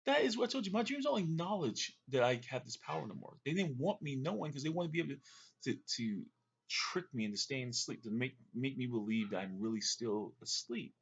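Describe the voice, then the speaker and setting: A man's voice: mid-range voice, lively intonation, a little fast, creaky, breathy edge, dull audio. A man telling a long, rambling story to camera in a casual way, with fillers and restarts. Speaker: vlogger recounting a dream.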